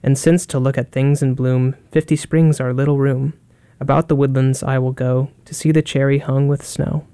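A man reading poems aloud in a calm, measured way. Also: mid-range voice, smooth, dry recording. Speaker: poetry reader. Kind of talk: poetry reading.

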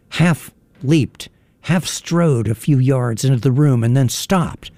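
A man narrating an audiobook in a measured, even manner. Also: mid-range voice, dry recording.

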